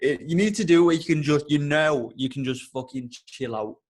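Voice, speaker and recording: A young man hosts a casual podcast and tells a long, animated story. He rambles and swears freely, and his voice sits a little on the high side. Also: a little fast. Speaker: podcast host.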